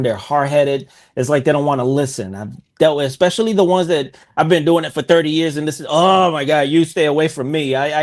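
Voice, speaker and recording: A man as a podcast guest in a casual interview, a relaxed storyteller who speaks bluntly and laughs at himself. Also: mid-range voice. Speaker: podcast guest, filmmaker and veteran.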